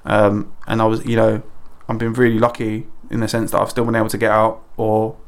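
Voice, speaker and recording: A man's voice: lowish voice, completely flat delivery, a little fast. A man on a podcast talking casually and a little hesitantly about his season. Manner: hesitant, rambling. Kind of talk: casual chat.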